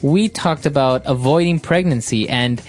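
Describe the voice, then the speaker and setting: A man's voice: a little high, moderate pace, darkish tone, faint music behind. A man co-hosting an English lesson podcast, asking questions and summing up each point. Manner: asks questions and sums up points. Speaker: podcast co-host.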